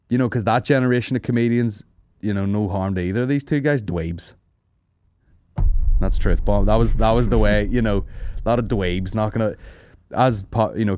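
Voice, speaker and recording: A man's voice: lowish voice, a little mellow, dry recording, studio quality. Sweary man telling comedy stories. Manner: sweary, laughing, mimics other people's voices. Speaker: comedian podcast host. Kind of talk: casual storytelling chat.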